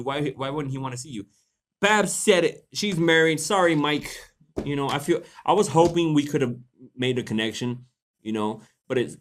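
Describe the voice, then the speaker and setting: A young man chats his way through a livestream, animated and quick to laugh, with a voice that sits in an ordinary middle pitch. He talks casually and swears freely as he reacts to what he reads. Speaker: host reading posts on a livestream.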